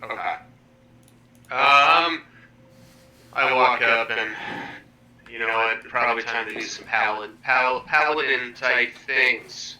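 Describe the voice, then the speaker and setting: A man playing a tabletop game, describing his character's actions haltingly with many fillers. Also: medium pitch, pushed and bright, low-quality recording. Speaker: player. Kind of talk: casual tabletop role-play.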